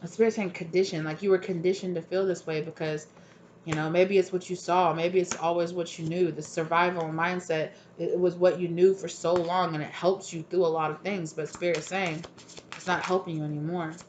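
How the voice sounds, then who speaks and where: A woman tarot reader talks through a reading in a loose, chatty way, sounding tired. Her voice sits on the low side, with faint noise in the background. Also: flat delivery, fairly quick, a little mellow. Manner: casual, chatty, repeats "right?". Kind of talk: casual spoken tarot reading.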